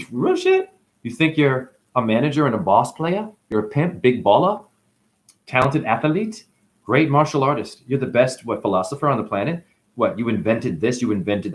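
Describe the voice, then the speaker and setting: A man giving a free-flowing spiritual monologue on his channel. He talks animatedly, calls the listener honey, and swings between loud bursts and whispers. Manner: animated, sudden jumps in pitch and loudness. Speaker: spiritual vlogger.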